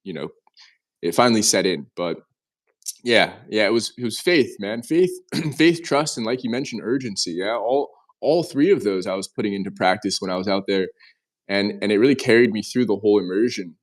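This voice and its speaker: Young man telling an animated story. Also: fairly low pitch, a little fast. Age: 20s. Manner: animated storyteller, often restarting sentences. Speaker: interview guest. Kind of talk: casual storytelling interview.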